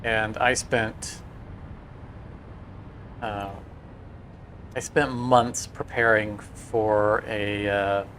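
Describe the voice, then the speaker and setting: A man's voice: fairly low pitch, flat delivery, drawn-out words, pauses often, a bit bright, a little hiss or hum. Rambling male game streamer. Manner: rambling, storytelling with restarts. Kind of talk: casual livestream chat.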